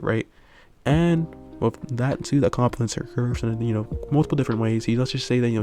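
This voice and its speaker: A man's voice: medium pitch, darkish tone. A man improvising a fan story aloud in a rambling way, full of fillers and tag questions. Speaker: channel host.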